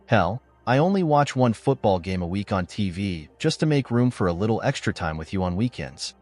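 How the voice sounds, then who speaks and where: A male narrator tells a first-person story at a moderate pace, his low voice swinging lively in pitch. When he voices the husband, he turns blunt, angry and sarcastic. Faint music runs beneath him.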